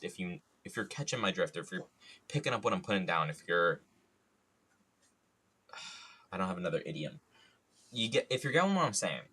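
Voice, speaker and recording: Deep-voiced man telling a rambling story. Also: bright, forceful tone. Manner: rambling, jokey, playful idioms. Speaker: streamer. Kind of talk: casual storytelling while crafting on stream. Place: home studio.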